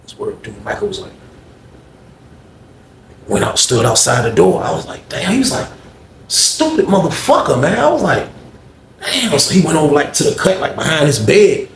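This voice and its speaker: A man's voice: medium pitch, sing-song, a little fast, creaky, long pauses, slight background noise. A man telling a story in a casual, slangy way, often adding "you know what I mean". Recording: echoey room.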